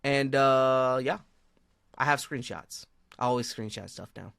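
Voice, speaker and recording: Podcast co-host, man, bright animated storyteller, dry close sound. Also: mid-range voice, measured pace, gravelly, clear, resonant tone, dry recording. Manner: animated storytelling, laughs a lot, swears freely. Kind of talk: casual chat.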